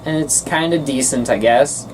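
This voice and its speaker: Woman host, casual film reviewer, deep voice with big swings, heard from a little distance. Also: very noisy. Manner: animated, ranting, quick to get loud.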